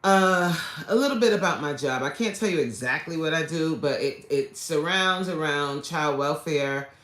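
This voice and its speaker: A woman's voice: low voice, normal speed, a bit bright. A woman hosting a casual livestream, chatting loosely and greeting viewers by name as she jokes along. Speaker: livestream host and coach. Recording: echoey room.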